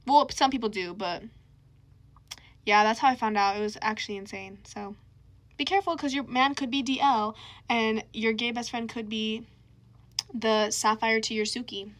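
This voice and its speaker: Bright-voiced young woman telling a story. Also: a little high, normal speed. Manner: chatty, dramatic, slangy retelling. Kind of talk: casual storytime.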